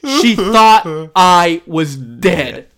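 A young man with a fairly high voice rambles through a story in casual chat. He stops and restarts often and fills his pauses with ums and likes. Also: animated, fairly bright tone. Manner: rambling, halting, with many fillers and restarts.

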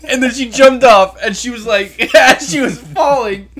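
A woman's voice: a little high, unhurried, a crowd in the background. A young woman chatting casually, telling stories with lots of laughing and acted-out quotes. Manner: giggly storyteller, acts out quotes. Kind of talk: casual chat.

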